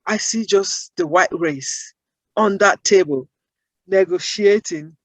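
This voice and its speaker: A woman's voice: on the low side, takes it slowly, no room sound, low-quality recording. Woman interview guest, earnest and emphatic, dry close sound. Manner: emphatic, builds points with rhetorical questions. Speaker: guest, accent-bias advocate. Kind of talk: interview answers.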